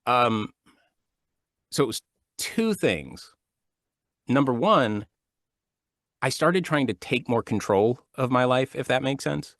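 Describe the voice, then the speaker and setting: This man speaks at medium pitch and a slow pace with long pauses, captured as clean studio sound with no room sound in a home studio. In his thirties, an actor and audiobook narrator, he chats casually as an interview guest, telling animated stories, laughing often and restarting sentences.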